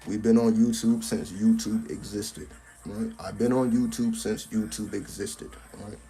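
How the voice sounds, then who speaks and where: A man's voice: lowish voice, fairly even intonation, unhurried, mellow. A man giving a casual live-stream talk on a cell phone, blunt and profane, tagging his points with "right?", with faint music behind him. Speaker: spiritual content creator.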